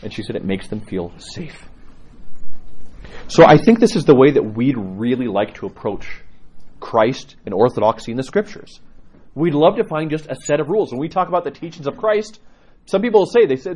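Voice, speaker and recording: Priest giving a casual teaching: lively, slightly husky man who tells stories. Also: medium pitch, normal speed. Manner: conversational, animated storyteller with laughs. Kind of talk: teaching talk to a congregation.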